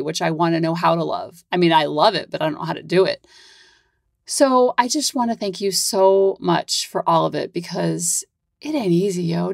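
A woman's voice: mid-range voice, gravelly, no room sound, studio quality. A woman hosting her own parenting podcast, chatting casually in a Valley-girl-ish way full of "like". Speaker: podcast host and parent coach.

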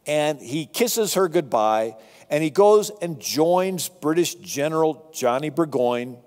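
Man, fairly high voice, lively storytelling lecture, echo of a large hall. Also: slow pace. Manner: animated, conversational storytelling with asides. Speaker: speaker on history. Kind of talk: storytelling lecture to a live audience.

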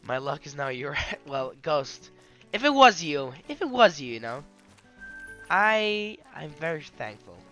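A man streaming a hunting game, talking to his viewers in excited, rambling commentary. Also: a little high, a little slow, faint music behind. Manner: excitable, yelling in bursts then whispering to prey. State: hyped and emotional. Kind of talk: live gaming commentary.

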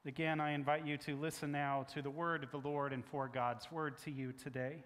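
Guy leading church service, measured formal reading, bit of a higher voice, long echo. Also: level tone, fairly bright tone. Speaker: pastor. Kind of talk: leading worship and reading scripture. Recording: reverberant church sanctuary.

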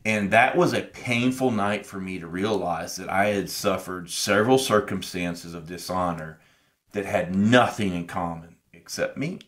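Speaking a little slowly in a low, slightly bright voice, this middle-aged man co-hosts a podcast. He reflects earnestly on a personal story, voicing the past conversations he describes.

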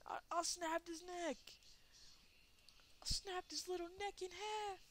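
A woman giving let's play commentary, excitable, laughing and shrieking, cursing at the game. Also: very high-pitched, takes it slowly, a little hiss or hum. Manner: swears and exclaims at the game. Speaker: gameplay commentator.

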